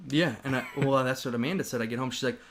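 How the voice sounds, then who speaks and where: A man on a podcast telling a story in casual chat, animated and profane, rambling with restarts. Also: mid-range voice, fast, a little hiss or hum. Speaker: podcast host.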